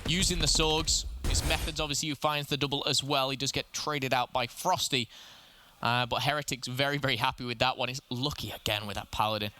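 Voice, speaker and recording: A man commentating a competitive video game match, excitable and analytical, often restarting his sentences, with game noise behind him. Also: medium pitch, brisk. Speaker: esports caster. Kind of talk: play-by-play commentary.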